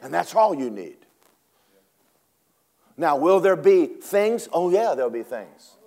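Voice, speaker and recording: A man preaching a sermon in a church, dramatic, swinging from shouts down to hushed whispers. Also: a little high, very animated, takes it slowly, creaky. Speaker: pastor.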